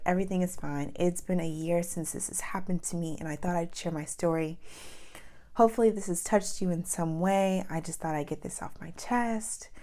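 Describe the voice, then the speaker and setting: Animated young woman vlogger, slightly low voice. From New York. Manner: animated, with many "like" fillers and acted-out quotes. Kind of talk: casual storytelling vlog.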